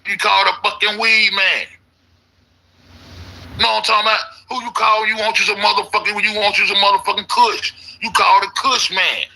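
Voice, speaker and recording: A man's voice: high-pitched, gravelly, pushed and bright, rough recording. A man ranting in a casual, profane, rambling way, repeating himself as an internet commentator. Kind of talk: casual conspiracy rant.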